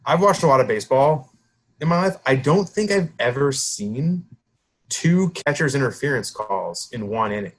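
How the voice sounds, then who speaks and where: A man co-hosting a podcast in casual chat, with dry jokes, swearing and quick quips. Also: mid-range voice, lively intonation, slightly rough. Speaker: podcast co-host.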